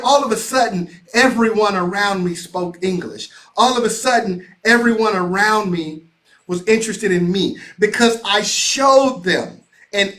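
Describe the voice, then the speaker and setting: A middle-aged American man gives a motivational talk in a preacherly style. He repeats key phrases and drives each point home with emphasis. His voice sits high for a man. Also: bright, forceful tone. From United States. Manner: preacherly, repetitive, emphatic delivery. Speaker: host.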